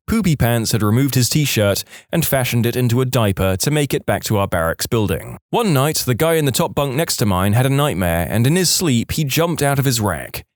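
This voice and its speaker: A man reads online stories aloud for a podcast, with an expressive, storytelling delivery. His pitch rises and falls widely, and the sound is close and dry, with no room echo. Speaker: podcast narrator. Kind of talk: storytelling reading of online posts.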